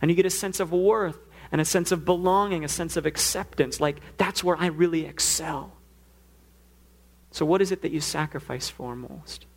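A man's voice: fairly high pitch, normal speed, gravelly. A man preaching a sermon, earnest, now and then acting out the pleas he quotes. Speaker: pastor.

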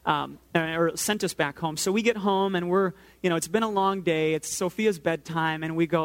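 Male pastor, 30s, higher register, relaxed storytelling sermon. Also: moderate pace, few pauses. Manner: conversational, storytelling, talks to the audience directly.

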